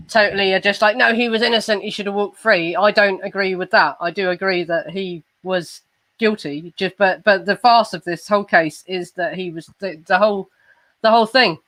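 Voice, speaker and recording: An English woman co-hosting a casual true crime chat, animated and laughing easily. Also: mid-range voice, no echo. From England. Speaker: co-host.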